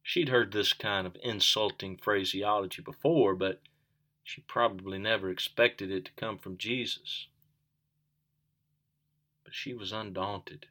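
A man's voice: deep voice, steady tone, unhurried, sharp tone. A man preaching a sermon, earnest, asking the listeners questions and repeating key phrases for emphasis.

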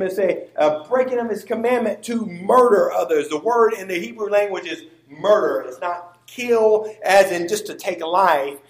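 High-voiced man preaching a sermon. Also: echoey room, poor audio. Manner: emphatic preaching with stressed words and call-and-response.

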